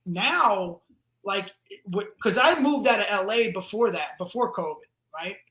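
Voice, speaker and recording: A man with a New Jersey accent, telling animated stories in a casual podcast chat and swearing freely. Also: high voice, unhurried, reverberant. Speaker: guest comedian.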